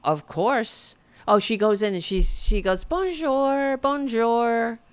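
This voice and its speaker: A woman's voice: mid-range voice, a little slow, no room sound. A woman hosting a podcast, giving casual political commentary in a sarcastic, mocking way and swearing freely. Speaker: podcast host.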